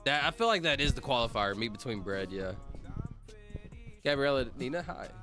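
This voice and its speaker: A man's voice: mid-range voice, animated, moderate pace, music in the background. A man casually chatting on a livestream, rambling and joking while reading viewer comments aloud. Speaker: streamer.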